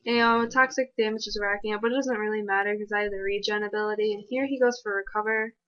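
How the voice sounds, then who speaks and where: A woman giving casual, fast and excitable commentary over her own gameplay. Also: mid-range voice, lo-fi sound.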